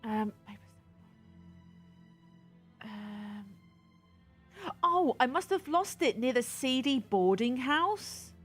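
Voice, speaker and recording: A woman's voice: fairly high pitch, lively intonation, takes it slowly, faint music behind. A woman hosting a gaming channel, chatting and giggling to herself as she plays. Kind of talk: game playthrough commentary.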